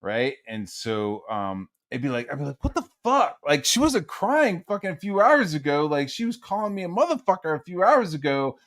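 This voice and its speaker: A man telling a story on a livestream in a relaxed, comedic way, his pitch leaping up and down as he acts out each person. His voice sits a bit high for a man, and the sound is dry and close. He swears freely and talks in a loose, rambling style. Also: normal speed, hardly any pauses, dry recording. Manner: animated storyteller, heavy swearing, acts out quotes. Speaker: livestream co-host. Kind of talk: casual comedic chat.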